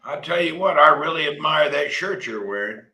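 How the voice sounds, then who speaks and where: A man's voice: fairly high pitch, lively intonation, moderate pace, pushed and bright. A man hosting a casual livestream, joking in a folksy way and reading viewer comments aloud. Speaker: livestream host. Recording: echoey room.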